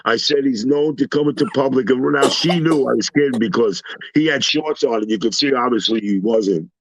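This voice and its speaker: A man on a talk panel, telling everyday stories in a casual, animated way and acting out the people he quotes. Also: medium pitch, fairly quick, no echo. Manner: animated storyteller, acts out quoted voices. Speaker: panel guest. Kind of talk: casual storytelling chat. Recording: slightly dull lo-fi sound.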